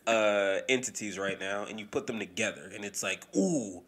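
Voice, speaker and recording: A man's voice: fairly low pitch, normal speed. A man co-hosting a podcast in casual, profane chat. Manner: animated, profane, mimics voices when quoting people. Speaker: podcast co-host.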